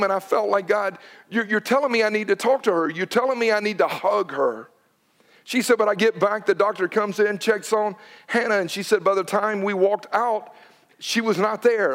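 A man in his forties preaches a sermon with a notably high voice. He tells stories and acts out the people in them, pressing his points with urgency. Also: fairly bright tone. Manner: storytelling with acted quotes, urgent emphasis. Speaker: pastor.

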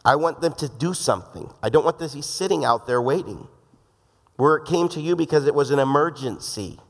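A male pastor with a fairly high voice preaches in a loose, joking style and slips into the voices of the people he quotes. His voice rings out with a long reverb, as in a large church hall. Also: expressive, fairly quick. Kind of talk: sermon.

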